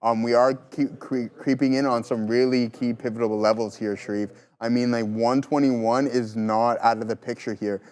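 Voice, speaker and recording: A man's voice: medium pitch, darkish tone. A man co-hosting a live trading show, chatting casually and loosely, full of slang like bro and dude. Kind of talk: casual live market chat.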